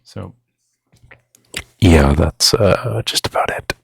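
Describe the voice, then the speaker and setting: A man's voice: low voice, slow pace, gravelly, breathy edge, no room sound. A young man casually rambling through a gear test, full of fillers and restarts. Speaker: vlogger testing a lavalier mic.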